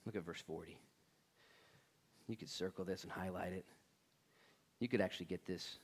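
A male pastor preaching a sermon in a church with energetic, casual and slangy talk. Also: low voice, normal speed, husky.

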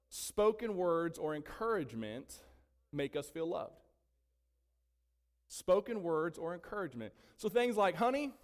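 Male pastor, emphatic sermon delivery with a slightly high voice, long church reverb. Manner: emphatic preaching with rhetorical questions. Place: church sanctuary.

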